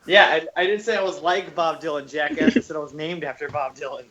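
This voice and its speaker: A man's voice: a little high, fairly quick, lo-fi sound, a crowd in the background. A young man co-hosting a casual podcast chat, brash and full of crude jokes. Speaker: podcast co-host.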